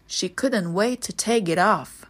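A woman reading a children's story aloud in a measured storytelling manner. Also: medium pitch, fairly bright tone, slightly rough. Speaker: storybook reader.

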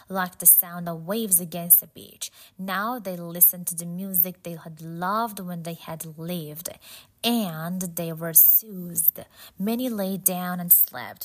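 A woman narrating a storybook in a slow, deliberate, softly dramatic way. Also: fairly low pitch.

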